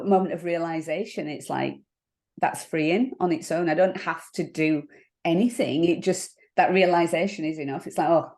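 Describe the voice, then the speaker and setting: Woman coach chatting in an interview, kinda low voice, halting and thoughtful, laughs a lot. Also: dark tone. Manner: reflective, halting, laughs often. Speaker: NLP coach. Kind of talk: casual interview conversation.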